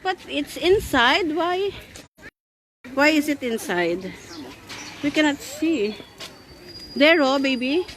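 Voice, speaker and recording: Filming her little one amid the crowds of an outdoor zoo, a Filipino-accented mother coaxes and chats in a sing-song manner. Her voice sits high with a fairly bright tone and lively intonation, and she speaks slowly with frequent pauses. Noise from the busy zoo fills the recording.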